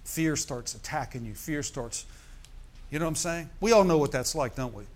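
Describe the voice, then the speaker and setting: A middle-aged man preaching to his congregation, his voice sitting a touch higher than most men's. He keeps checking in with the room, tossing in an "amen" or a "hallelujah" as he goes. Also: lively intonation, moderate pace. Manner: preaching with call-and-response asides. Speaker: pastor. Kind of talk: sermon.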